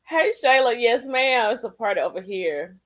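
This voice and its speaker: A woman's voice: fairly high pitch, lively intonation, moderate pace. A woman hosting a casual live stream, chatting with viewers, greeting them by name and laughing often. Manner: folksy, calls people girl and honey.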